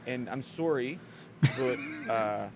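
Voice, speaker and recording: A man's voice: mid-range voice, slow pace, background noise. A man voicing a dramatic, needy male adventurer who talks in grandiose, old-fashioned phrases. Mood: flustered. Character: Zephyr, male player character, dramatic and needy.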